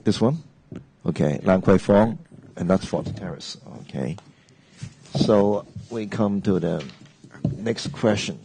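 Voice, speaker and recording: A man's voice: lowish voice, slow, creaky, long pauses, mellow, a little hiss or hum, rough recording. A man, a Cantonese speaker, hosting an English lesson hesitantly, with many fillers and restarts. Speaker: host. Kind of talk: casual teaching chat.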